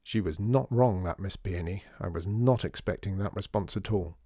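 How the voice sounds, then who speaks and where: A man doing a wry, measured man. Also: low voice, warm tone, no room sound, clean studio sound.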